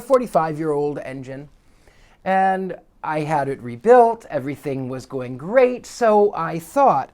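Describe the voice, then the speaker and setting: A man telling anecdotes in a casual vlog, genteel and wordy, acting out the voices of the people he quotes with big jumps in pitch. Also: darkish tone. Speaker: psychic vlogger. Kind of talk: casual storytelling to camera. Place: Pasadena area.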